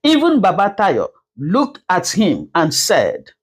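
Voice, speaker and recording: A woman narrating a dramatic story in an expressive storytelling manner. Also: fairly low pitch, slow pace, slightly rough.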